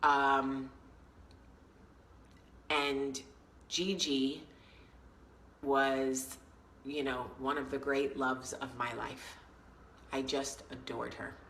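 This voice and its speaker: A woman hosting a casual vlog, telling a story in a chatty, animated way and acting out what people said. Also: very deep voice, very slow, long pauses, a little hiss or hum, low-quality recording. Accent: New York. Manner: chatty, animated storyteller who acts out quotes. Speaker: vlog host.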